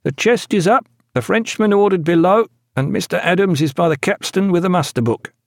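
A man voicing a brisk naval officer, crisply reporting to his captain in an audiobook reading. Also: high voice, no room sound, studio quality, pitched above the performer's own voice. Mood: dutiful.

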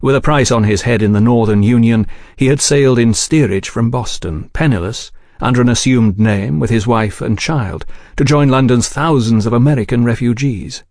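A man reading a novel aloud in a measured, even audiobook narration. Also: mid-range voice, no room sound, clean studio sound.

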